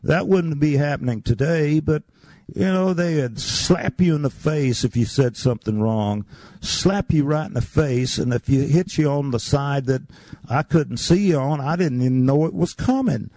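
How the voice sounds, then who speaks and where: An older man looks back on his childhood, his voice low in tone and gravelly with fry. He speaks dry and close, as an interview guest spinning stories. He slips into the voices of the people he remembers. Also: moderate pace, mellow, dry recording. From North Carolina. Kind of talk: storytelling interview.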